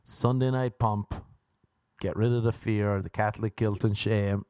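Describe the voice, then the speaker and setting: A man hosting a comedy podcast, rambling through a crude, self-mocking monologue full of quick put-on voices. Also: on the low side, fairly even intonation, darkish tone, no echo, clean studio sound.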